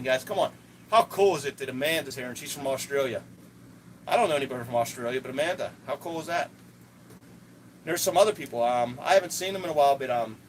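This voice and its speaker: A man's voice: medium pitch, a bit bright, slight background noise, poor audio. A man chatting casually to viewers on a live stream, rambling with lots of restarts and fillers.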